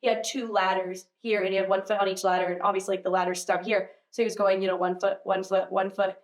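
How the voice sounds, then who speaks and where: A young woman guest on a podcast, chatting casually about her faith, full of "like" and quick laughs. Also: medium pitch, level tone. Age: young adult. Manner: chatty, lots of "like", laughs easily. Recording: echoey room.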